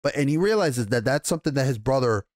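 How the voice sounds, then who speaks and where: A man giving a casual, rambling TV episode recap and review, excitable and profane, with many restarts. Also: mid-range voice, quick pace, no echo, clean studio sound. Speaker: TV show reviewer.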